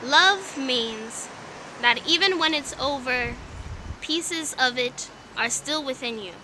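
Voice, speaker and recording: A woman's voice: sits high, slow, pushed and bright, slight background noise, poor audio. A woman from Tampa with a Southern accent performing spoken word poetry in a rhythmic, emphatic way, then chatting about her start. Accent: Southern US, Tampa Florida. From Tampa, Florida. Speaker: poet.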